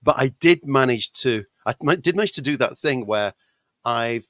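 A British man, a podcast co-host, chatting casually with a gravelly voice while recovering from illness, often repeating words. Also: medium pitch, expressive, normal speed, fairly bright tone, no echo, studio quality. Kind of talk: casual chat.

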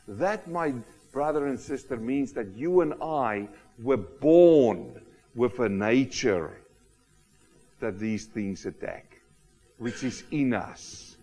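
A man preaching a sermon, emphatic and animated, often asking rhetorical questions of the congregation. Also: mid-range voice, slightly rough. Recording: long hall reverb.

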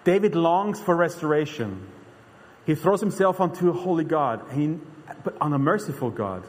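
Male preacher, earnest chatty sermon delivery with restarts; slightly high voice, reverberant hall. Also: sing-song, moderate pace. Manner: earnest, conversational, frequent restarts.

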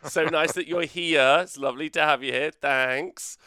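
A man's voice: on the high side, fairly even intonation, moderate pace, sharp tone, smooth, no room sound, clean studio sound. A man hosting a casual podcast chat, joking around and laughing often. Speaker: podcast host.

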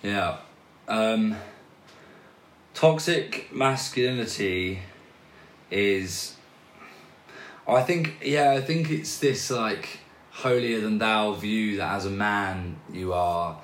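A man's voice: on the low side, takes it slowly, pauses often. A man guest on a podcast interview, talking casually and hesitantly with many restarts and fillers. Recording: roomy echo.

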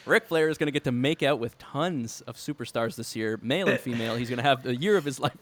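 Enthusiastic man chatting on a podcast. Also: mid-range voice. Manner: enthusiastic, laughs often, quick bursts. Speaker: podcast co-host. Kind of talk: casual podcast chat about wrestling.

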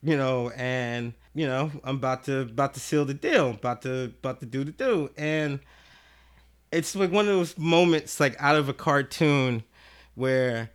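A man's voice: mid-range voice, measured pace, smooth. A man telling a story on a podcast in a casual, profane way, acting out what people said. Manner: profane, animated, acts out quotes. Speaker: podcast guest.

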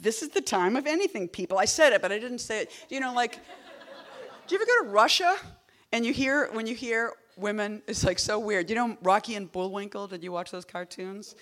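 A woman poet giving a reading, talking casually between poems in a rambling, self-interrupting, wry way, jumping between loud bursts and quiet murmurs. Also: mid-range voice, animated, fairly quick.

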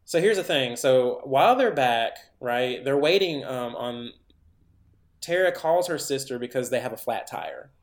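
A man's voice: mid-range voice, animated, unhurried, echoey room. A man co-hosting a podcast, retelling a movie in a casual, rambling way with lots of fillers and acted-out lines. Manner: rambling, filler-heavy, acts out characters' lines. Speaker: podcast co-host.

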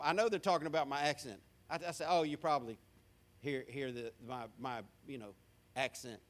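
A man's voice: a little high, normal speed. Folksy Southern preacher man. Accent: Southern American. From American South. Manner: folksy, humorous storytelling. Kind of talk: sermon.

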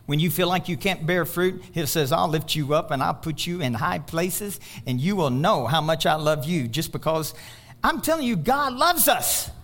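A man with a high voice delivers a sermon as the pastor. He tells stories full of quoted dialogue, and his delivery grows animated as he climbs to near-shouts on his main points. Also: normal speed.

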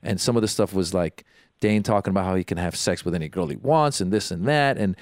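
A man's voice: deep voice, fast, a little mellow, no echo, studio quality. A man, a stand-up comedian co-hosting a podcast, telling stories in casual chat with frequent restarts. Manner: rambling, storytelling with many restarts.

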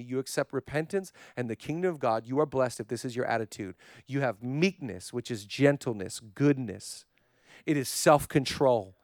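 A man preaching a sermon as pastor, swinging from loud fervent repetition down to soft, low, hushed passages and speaking straight to viewers online. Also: no room sound, studio quality. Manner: addresses online viewers directly.

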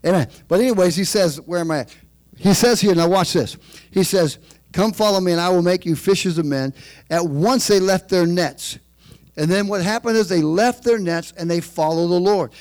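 High-voiced man preaching a sermon. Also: moderate pace. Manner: preaching with call-and-response, switches between quiet asides and raised emphasis. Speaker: pastor.

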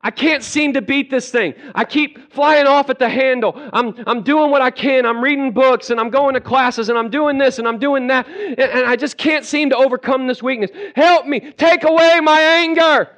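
A man's voice: very high-pitched, normal speed, few pauses, fairly bright tone, pitched above the performer's own voice. A man voicing a frustrated believer who begs God to take a problem away, pleading and exasperated. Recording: dull lo-fi recording.

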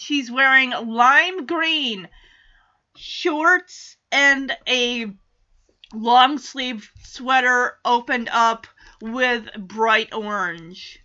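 A woman's voice: sits high, lively intonation, slow pace, pushed and bright, muffled recording. A woman in casual recap chat, chatty and giggly, acting out character lines as she goes. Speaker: TV show recapper.

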